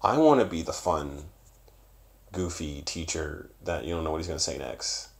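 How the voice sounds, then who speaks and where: Young male vlogger, deep gravelly voice, profane, rambling, loud then mumbling. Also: normal speed. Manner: profane, animated, swings between loud and mumbled. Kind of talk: casual rambling monologue.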